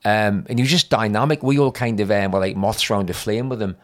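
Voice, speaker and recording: An older man with a slightly low voice tells long, rambling stories in a relaxed podcast chat. He is a comedian guest, and his anecdotes are full of fillers and restarts. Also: fairly quick. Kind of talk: casual storytelling chat.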